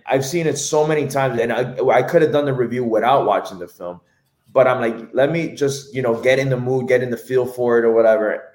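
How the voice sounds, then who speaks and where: A man co-hosting a casual film podcast, telling stories in an animated way and swearing freely. His voice sits at a middle pitch. The room around him is echoey. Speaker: podcast co-host. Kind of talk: casual film review chat.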